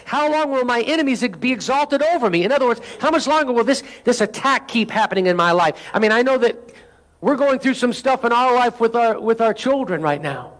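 A high-voiced man preaches from the pulpit, asking the congregation for amens between lines. He reads scripture with climbing intensity. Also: expressive, brisk, fairly bright tone. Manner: preaching with call-and-response asides. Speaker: pastor. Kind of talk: sermon.

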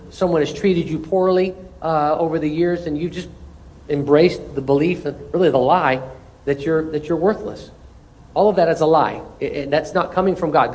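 High-voiced pastor preaching a sermon. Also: male voice, darkish tone, poor audio. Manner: emphatic, repeating phrases and restarting words. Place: church sanctuary.

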